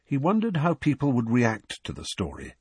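A man reading a novel aloud as an audiobook narrator, in measured storytelling. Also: mid-range voice, huge pitch swings, a little mellow, slightly rough, no echo. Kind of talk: scripted narration.

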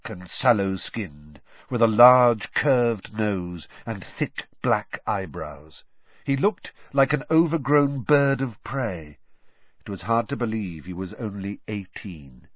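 Slow, expressive husky male narrator. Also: fairly low pitch, no echo. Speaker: audiobook narrator. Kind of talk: audiobook narration. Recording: dry, slightly dull recording.

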